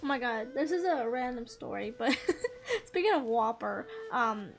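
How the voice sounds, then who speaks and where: Woman gaming streamer, high voice, chatty and giggly, casual play-along chat. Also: animated, normal speed.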